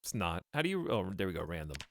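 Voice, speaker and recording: A man's voice: sits low, big pitch swings, fast talker, gravelly, fairly bright tone, a little hiss or hum. A man streaming a video game, chatting casually and thinking aloud as he plays, often laughing at his own jokes. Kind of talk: casual gameplay commentary.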